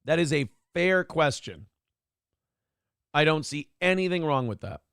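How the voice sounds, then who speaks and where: A man's voice: a little high, very animated, measured pace, creaky, fairly bright tone, clean tone, no echo, clean studio sound. A man hosting a morning show, giving blunt, profane, sarcastic commentary over clips.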